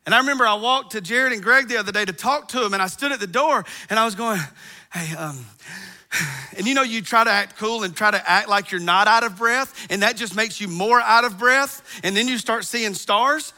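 A middle-aged man preaching a sermon, animated and acting out groans as he tells stories. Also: high-pitched, brisk, few pauses. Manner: animated, acts out groans and quotes himself. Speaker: pastor.

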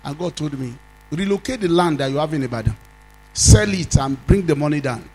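A Nigerian pastor with a fairly high voice tells a lively story from the pulpit. He jumps from loud, high outbursts down to quiet asides, and faint music plays under his preaching. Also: brisk, low-quality recording. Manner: animated, swings from loud exclamations to low asides, acts out laughter. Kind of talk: storytelling sermon.

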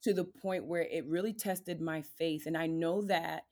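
A woman, a podcast guest giving candid, lively testimony about her faith and marriage, acting out the voices of the people in her story. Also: sits low, moderate pace. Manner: animated storyteller, acts out quoted voices; addresses listeners as "y'all".

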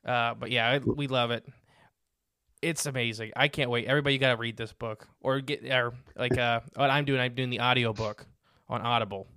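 A man's voice: medium pitch, steady tone, brisk, sharp tone, smooth, no echo, clean studio sound. A man hosting a podcast, chatting casually and enthusiastically with his guest. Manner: enthusiastic, upbeat. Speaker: podcast host. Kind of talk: casual interview chat.

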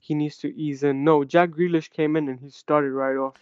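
A man co-hosting a podcast, talking football in a blunt, animated way and calling his co-host bro. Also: on the high side, moderate pace, clear, resonant tone, no room sound, lo-fi sound. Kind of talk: casual football chat.

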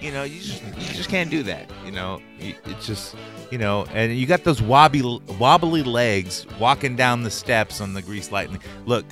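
A man's voice: mid-range voice, animated, normal speed. Man, middle-aged podcast host, casual cursing banter, faint music. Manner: profane, joking, trails off quietly.

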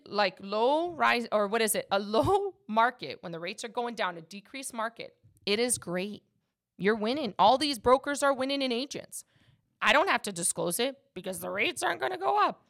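A woman's voice: fairly high pitch, a bit bright. A woman who works as a mortgage agent and hosts a podcast, talking casually and emphatically about her work.

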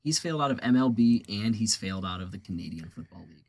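Husky joking man on a podcast. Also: fairly low pitch, expressive, fast talker, a little mellow, no room sound. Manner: crude, joking, tells stories with acted quotes. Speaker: podcast co-host. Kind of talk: casual banter.

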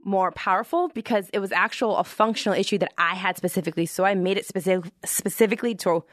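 Talking at a quick pace with a medium-pitched voice, the founder of a hair-friendly hat brand chats to camera, telling casual stories. She's expressive and acts out reactions in animated quotes, recorded with a dry, close sound.

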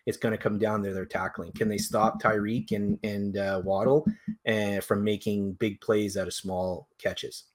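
A man co-hosting a casual sports podcast, breaking down football plays with animated, argumentative analysis. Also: fairly low pitch, measured pace.

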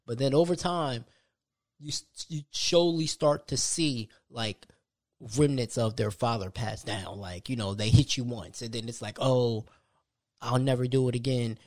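Young man, podcast host, casual rambling talk, frequent restarts, mid-pitched voice, dry close recording. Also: normal speed, no echo. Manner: casual, conversational, many restarts and asides. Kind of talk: solo podcast commentary.

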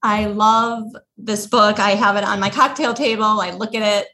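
A woman's voice: mid-range voice, steady tone, normal speed, bright, forceful tone. A woman hosting a podcast interview, speaking earnestly and readily agreeing with her guest. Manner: earnest and affirming, responds with agreement. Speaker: podcast host. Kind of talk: warm conversational interview.

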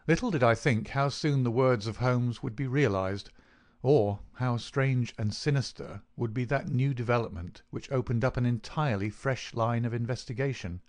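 A man's voice: medium pitch, normal speed, darkish tone. Man narrating a classic story. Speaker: audiobook narrator. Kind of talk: scripted narration.

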